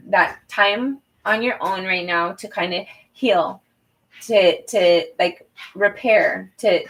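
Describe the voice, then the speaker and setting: A woman's voice: medium pitch, fairly bright tone, low-quality recording. A woman doing a personal tarot reading who talks to the viewer in an earnest, encouraging way, with many fillers and restarts. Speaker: tarot reader.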